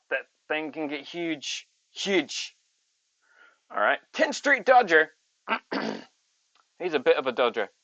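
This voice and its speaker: A man hosting a casual card-opening video, chatting and reading card text aloud with excited asides. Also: fairly high pitch, dry recording. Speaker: channel host. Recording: dull lo-fi audio.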